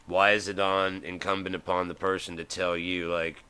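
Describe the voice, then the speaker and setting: Deep crisp-voiced man ranting. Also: level tone, normal speed, bright, forceful tone. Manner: profane, heated, acts out quoted voices. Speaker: host. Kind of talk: live-stream rant.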